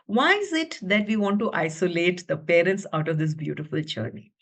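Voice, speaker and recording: A woman teacher giving an expressive storytelling webinar from her room. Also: on the low side, moderate pace. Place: her own room at home.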